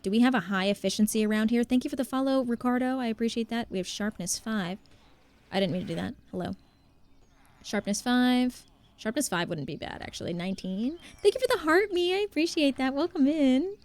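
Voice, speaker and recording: Young woman streamer, casual and chatty, slightly high voice, dry close mic. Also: darkish tone, dry recording. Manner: chatty, thanks viewers by name, thinks aloud. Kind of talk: casual live-stream chat while gaming.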